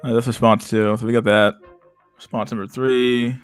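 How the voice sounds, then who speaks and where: A man's voice: medium pitch, little pitch movement, moderate pace, smooth, faint music behind. A man streaming casual commentary, reading comments aloud in a rambling, stammering way with frequent laughter.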